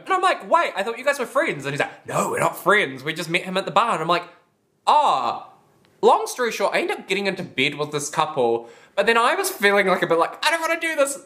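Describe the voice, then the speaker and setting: A young woman hosting a podcast, chatty and unfiltered, with plenty of swearing. Her pitch leaps around as she tells her stories, and she often climbs high when she gets excited. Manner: candid, swears a lot, animated storytelling. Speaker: podcast host. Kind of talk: casual chat.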